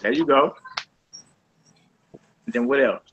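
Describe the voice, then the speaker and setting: A man teaching a casual group Hebrew lesson over a voice call, quizzing his students in a relaxed, conversational way. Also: medium pitch, takes it slowly, muffled recording, slight background noise.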